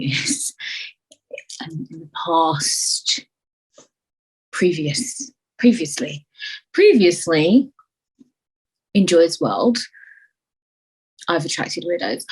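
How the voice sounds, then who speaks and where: Husky young woman, swearing and animated. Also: lowish voice, low-quality recording. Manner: animated, swears freely, jumps between voices. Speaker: podcast host. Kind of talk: casual solo podcast chat.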